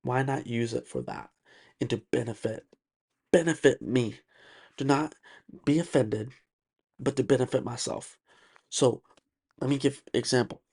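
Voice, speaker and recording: A man's voice: mid-range voice, big pitch swings, a little slow, gravelly, long pauses, a little mellow, husky. A man hosting a solo podcast monologue, talking emphatically and repeating himself with lots of fillers. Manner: emphatic, ranting, repeats words and uses many fillers. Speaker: podcast host.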